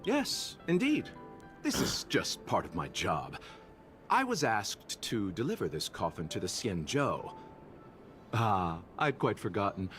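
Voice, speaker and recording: Polite smooth game merchant, low voice that swings all over, slow, a bit amused. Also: male voice, wildly swooping pitch, a bit bright, faint music behind, heavily acted. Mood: suave. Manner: refined, courteous, amused. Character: suave polite male merchant carrying a coffin. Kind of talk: video game cutscene dialogue.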